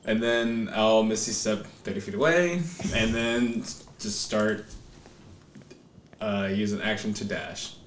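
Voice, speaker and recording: A man's voice: on the low side, slow pace, roomy sound, a little hiss or hum. Matter-of-fact man playing a tabletop game. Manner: short, matter-of-fact replies. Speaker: player. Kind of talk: casual tabletop play.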